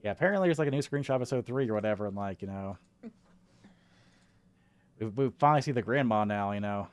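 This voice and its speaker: A man's voice: on the low side, lively intonation, fast talker, smooth, no room sound. Rambling man in casual gaming chat. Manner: rambling, heavy filler words, casual swearing. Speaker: podcast co-host.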